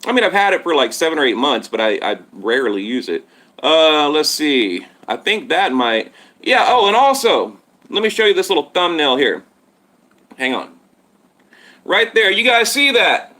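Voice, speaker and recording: A man hosts a casual boxing live stream from home, talking straight to his viewers and wandering between points as he reads their comments. His voice sits high and cuts through with a bright, tense edge. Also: very animated, moderate pace. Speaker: boxing channel host. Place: home setup in Texas. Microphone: tablet on live stream.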